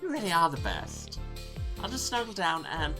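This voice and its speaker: A game streamer voicing a bubbly young student in a dating game, with a high, squeaky, excited voice. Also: normal speed, music in the background. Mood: sweet.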